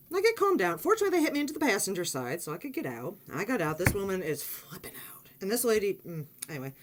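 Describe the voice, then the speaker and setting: A woman casually telling a personal story on her vlog, animated and blunt, acting out quotes and swearing freely. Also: quick pace, hardly any pauses, a little hiss or hum. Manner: animated, swearing, acts out quotes in high excited voice. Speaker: vlogger.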